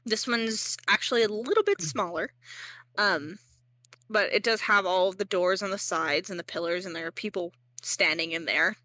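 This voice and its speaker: A woman's voice: medium pitch, moderate pace, pushed and bright, no echo. A young woman narrating as game master in a casual, rambling way, full of fillers and joking at herself.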